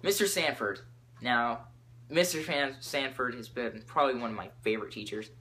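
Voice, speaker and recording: A teenage boy hosting his own podcast, rambling excitably from topic to topic with lots of fillers. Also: medium pitch, moderate pace. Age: teens. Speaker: podcast host.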